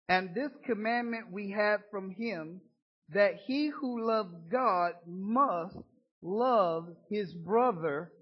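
Male pastor, high husky voice, folksy emphatic sermon, muffled recording. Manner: folksy, call-and-response preaching with rising emphatic bursts.

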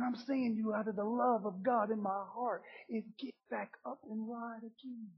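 A male preacher delivers a sermon in emphatic, repeating phrases. He moves from loud declarations to near-hushed passages. His voice is high and husky, and it comes through a dull, lo-fi recording. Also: normal speed, few pauses.

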